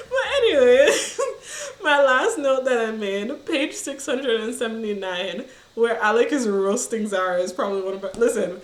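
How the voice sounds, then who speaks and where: Animated woman chatting about a book. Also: on the high side, roomy sound. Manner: animated, laughs often, slangy asides. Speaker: book reviewer reading aloud. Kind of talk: casual book chat with read passages.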